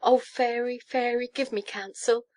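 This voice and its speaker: A woman's voice: medium pitch, normal speed, lightly acted. A woman reading a storybook, voicing a flustered, desperate young king who gasps and stammers. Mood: frantic. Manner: gasping, stammering, frantic.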